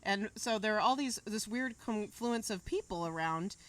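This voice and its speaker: A woman's voice: mid-range voice, animated, normal speed, a bit bright. A woman co-hosting a live outdoor show from a theater patio, telling rambling stories with lots of fillers. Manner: rambling anecdotes with many fillers. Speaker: co-host. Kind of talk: casual chat.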